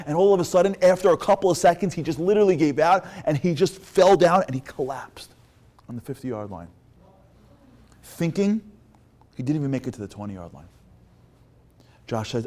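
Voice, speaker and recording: A man telling a story to a live audience as a motivational speaker, acting out the dialogue and swinging from hushed to loud and animated. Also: mid-range voice, fairly quick.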